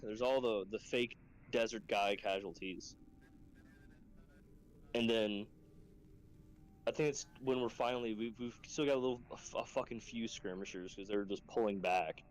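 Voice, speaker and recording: Over slight background noise and poor audio, a man recounts a training story as a Marine instructor would, swearing freely. He's animated, and when he quotes people he leaps into a high voice.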